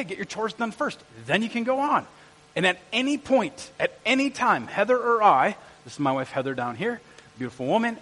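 Middle-aged male pastor, high voice, energetic, jokey with the crowd, long church-hall reverb. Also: slightly rough. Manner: energetic, jokey, quizzes the congregation. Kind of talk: sermon. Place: church auditorium.

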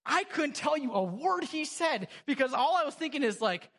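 A young adult man, a pastor, preaching a sermon in church in a casual, self-deprecating storytelling way with quick asides. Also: very high-pitched, big pitch swings, fairly bright tone.

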